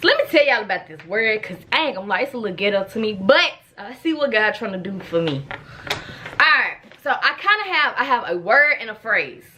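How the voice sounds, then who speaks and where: A young woman talks straight to her viewers in a casual vlog. Her voice sits a bit high and swings widely in pitch. She tells her stories in a playful, animated way. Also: a little fast, slight background noise. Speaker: vlogger.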